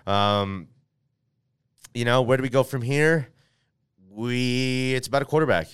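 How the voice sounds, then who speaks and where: A man's voice: mid-range voice, a little slow, fairly bright tone, clear, resonant tone, dry recording, clean studio sound. A man hosting a casual sports podcast, rambling and correcting himself with lots of fillers, reading an ad and then talking about his team. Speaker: podcast host. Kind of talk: casual podcast talk with ad read.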